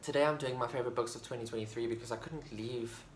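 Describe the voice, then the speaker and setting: A man's voice: mid-range voice, steady tone, fast talker. A man chatting casually about his favorite books for a vlog, enthusiastic and rambling, with many fillers and restarts. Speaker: book vlogger. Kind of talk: casual book review chat. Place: room at home with a bookshelf. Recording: roomy echo, faint background noise.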